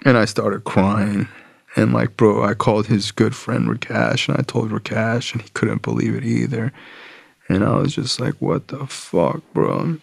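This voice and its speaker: A man's voice: fairly low pitch, flat delivery, moderate pace, gravelly, no room sound. A man casually telling his recovery story, slangy and profane, full of "like" and "bro".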